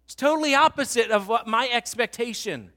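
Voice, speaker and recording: A man preaching a sermon, moving from animated, loud passages to hushed, slow and intense appeals. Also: very high-pitched. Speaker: pastor.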